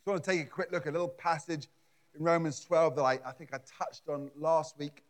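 A man's voice: fairly high pitch, fairly even intonation, quick pace. A man preaching a conversational sermon in a church, often repeating words and adding asides. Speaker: pastor.

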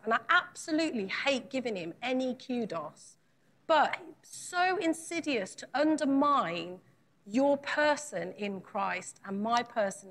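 A woman's voice: high-pitched, a little hiss or hum. A woman preaching a sermon, retelling scripture in a conversational way and putting earnest, repeated questions to her congregation.

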